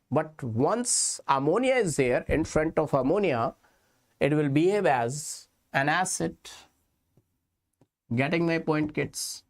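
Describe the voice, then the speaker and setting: A man with an Indian English accent teaching a chemistry lecture, explaining slowly and repeating key points while calling his students kids. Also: fairly high pitch. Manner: slow, repetitive explaining, addressing students as kids. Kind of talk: exam-prep lecture.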